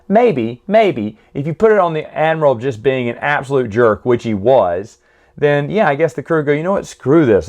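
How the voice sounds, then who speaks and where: A man's voice: medium pitch, a little mellow. Man, mid-range voice, casual opinionated reviewer, loose and chatty delivery. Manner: chatty, opinionated, with frequent self-corrections. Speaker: book and comic reviewer.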